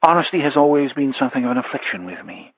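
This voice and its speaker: Brief: candid dry-spoken woman colleague, read by a man, husky tone. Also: mid-range voice, animated, fast talker, no echo, narrow, tinny audio, voice pushed up. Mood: frank. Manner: frank, dry. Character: blunt, candid female colleague.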